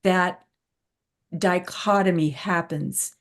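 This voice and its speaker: A woman's voice: on the low side, slow. A woman patient advocate and host telling a personal story in an earnest, reflective way with emphatic repetitions. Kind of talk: conversational storytelling.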